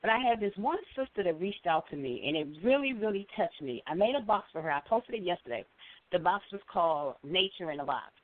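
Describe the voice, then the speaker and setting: A middle-aged woman calling in to a show, telling a story with lively acted-out quotes. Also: on the low side, brisk. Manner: animated storyteller, acts out quoted voices. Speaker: caller. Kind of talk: call-in storytelling. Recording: phone line.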